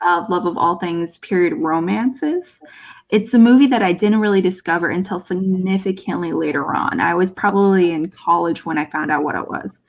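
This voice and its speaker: A woman's voice: on the low side, normal speed. A woman co-hosting a casual movie chat show, chatty and prone to fillers, laughing between thoughts. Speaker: co-host.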